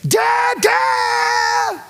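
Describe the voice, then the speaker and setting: A man voicing a frightened little girl who screams for her dad from her dark bedroom, in a high shrill yell. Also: sing-song, extremely slow, creaky, full character voice. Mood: shrieking.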